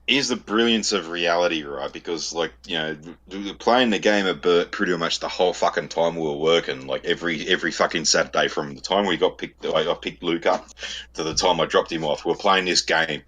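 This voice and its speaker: A man's voice: deep voice, brisk, fairly bright tone. A middle-aged man with an Australian accent, telling crude stories on a podcast, swearing constantly and laughing at his own tales. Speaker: podcast host. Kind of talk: crude casual storytelling.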